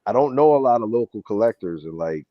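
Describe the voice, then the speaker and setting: A man's voice: lowish voice, lively intonation, quick pace, no room sound, dull audio. A man from Springfield, Massachusetts with a Western Massachusetts accent, chatting as a co-host, rambling and swearing with lots of "like". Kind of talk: casual chat.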